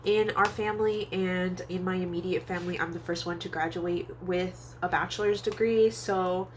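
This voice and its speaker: A young woman in Hawaii, a psychic tarot reader and vlogger, tells a candid, casual storytime, chatty with many fillers and acting out quoted voices in a high pitch. Her nose is a little stuffy from allergies, and she speaks in a steady tone at a moderate pace with slight background noise.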